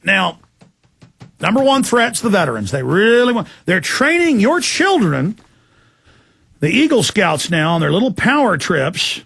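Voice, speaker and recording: A man's voice: high voice, very animated, a little slow, vocal fry, fairly bright tone, husky, no room sound, clean studio sound. A man hosting a political talk show, delivering an impassioned, ranting monologue.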